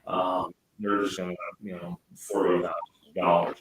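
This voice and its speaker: A man's voice: sits low, flat delivery, moderate pace. A man co-hosting a talk show, chatty and full of fillers. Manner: chatty, many fillers like "you know" and "uh". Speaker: co-host. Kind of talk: casual talk show discussion. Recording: very echoey room.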